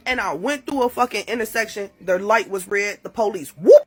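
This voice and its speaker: A woman telling a dramatic story to her phone in a casual, profane and animated way. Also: medium pitch, a little fast, few pauses, slightly rough, soft background music. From Chicago. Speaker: TikTok storyteller. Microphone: phone mic.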